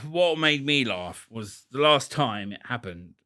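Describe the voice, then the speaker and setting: A man's voice: mid-range voice, slow. A man being interviewed on a podcast, talking boastfully and crudely, swearing freely and mimicking other people's voices when he tells stories. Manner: quotes others in lively put-on voices. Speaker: podcast guest. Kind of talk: casual interview.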